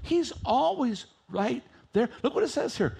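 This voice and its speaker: A man's voice: very high-pitched, very animated, measured pace, creaky, darkish tone, husky. A male preacher delivering a sermon. He reads scripture aloud and leads the congregation in reading it back with him.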